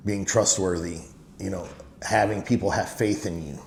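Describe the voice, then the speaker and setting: Gravelly-voiced middle-aged man in an echoey room. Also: deep voice, steady tone, normal speed. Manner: emphatic, heavy use of "you know" fillers. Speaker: business owner guest. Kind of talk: candid interview storytelling. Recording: echoey room with faint noise.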